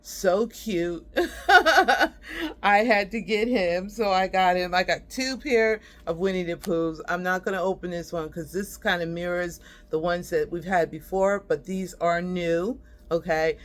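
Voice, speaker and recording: A woman hosting a casual haul vlog, chatty and friendly, calling viewers y'all and laughing as she shows her finds. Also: lowish voice. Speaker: host.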